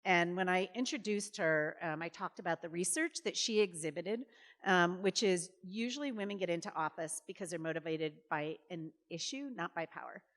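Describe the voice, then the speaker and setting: A woman in her fifties, a former governor, telling stories in a chatty, animated way on stage, full of fillers and acted-out quotes. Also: fairly low pitch, normal speed. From Massachusetts. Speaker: guest speaker, former governor. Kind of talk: conversational storytelling on stage. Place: college event hall. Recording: reverberant hall.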